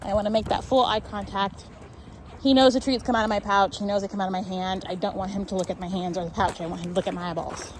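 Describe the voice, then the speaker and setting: Woman dog trainer, explanatory, outdoor street, faint traffic behind, mid-pitched. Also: fairly even intonation, quick pace, poor audio. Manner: explanatory, keeps checking in with "right?".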